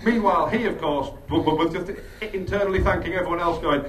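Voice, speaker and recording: A man doing stand-up, telling a sweary, animated story and laughing often as he goes. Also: sits high, fast talker. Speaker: stand-up comedian. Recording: roomy, distant mic, crowd and noise. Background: audience laughter.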